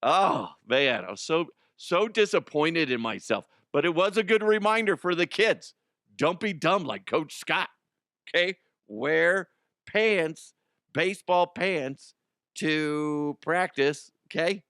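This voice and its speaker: A middle-aged man hosts a comedy sports show from a studio, chatting loosely and poking fun at himself with plenty of laughs and cursing. His voice is smooth and resonant, and the sound is close and dry with no room echo. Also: a little high, expressive, slow, fairly bright tone. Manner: self-deprecating, laughs often, swears freely. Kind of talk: casual comedic monologue.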